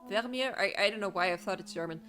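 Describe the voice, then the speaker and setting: A woman's voice: medium pitch, fast, a bit bright. A woman playing a video game, chatting casually and reading in-game letters aloud with self-mocking asides. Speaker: let's play streamer. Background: game music.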